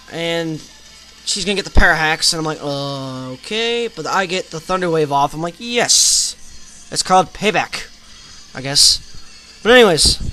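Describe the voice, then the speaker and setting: Bright, high-voiced man narrating a game battle. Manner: chatty play-by-play retelling. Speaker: gaming channel host. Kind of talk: casual battle commentary.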